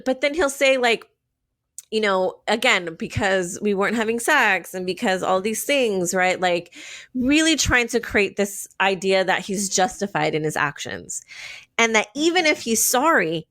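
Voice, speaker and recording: Woman host, solo podcast rant: animated, blunt, salty language, medium pitch, dry close sound. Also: no room sound. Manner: animated, blunt, swears freely, frequent "right?" and "um".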